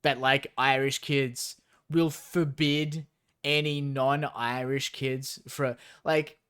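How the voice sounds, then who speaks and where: A man's voice: mid-range voice, little pitch movement, takes it slowly, fairly bright tone, clean tone. A young man streaming as he reads a story aloud, breaking off into incredulous, profane, sarcastic asides.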